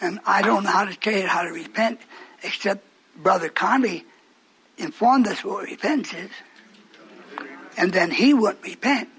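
Male preacher, very high husky voice, fervent, repeats himself for emphasis. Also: normal speed, pauses often, a bit bright. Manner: fervent, repetitive, quoting scripture. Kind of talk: sermon.

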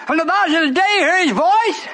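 High, bright-voiced man preaching. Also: expressive, fast talker, some chatter behind. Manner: call-and-response preaching, teasing the congregation. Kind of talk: sermon. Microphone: broadcast on shortwave radio.

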